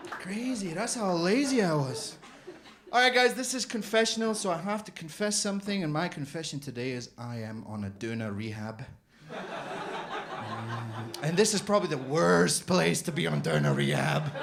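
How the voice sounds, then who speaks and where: A man doing a stand-up comedy set, animated and swearing, acting out little scenes. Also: high-pitched. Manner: animated, swearing, acts out characters. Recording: live comedy club.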